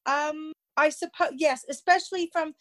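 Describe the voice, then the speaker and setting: A woman's voice: high voice, steady tone, moderate pace. A woman guest telling a personal story in a conversational way, hesitant, with frequent fillers and restarts.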